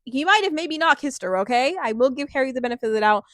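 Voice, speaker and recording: A woman's voice: sits high, animated, fast, no echo, clean studio sound. A woman giving a casual, chatty recap of a reality show, rambling with lots of fillers and acting out quotes with a laugh.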